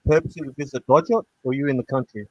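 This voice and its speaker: A man's voice: medium pitch, steady tone, rapid-fire, muffled recording. A man teasing and joking in a casual group chat on a show. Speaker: show regular.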